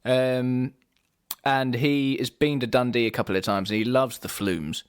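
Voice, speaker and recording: A man co-hosting a podcast in casual chat, lively and quick to laugh. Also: medium pitch, clean tone. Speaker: podcast co-host.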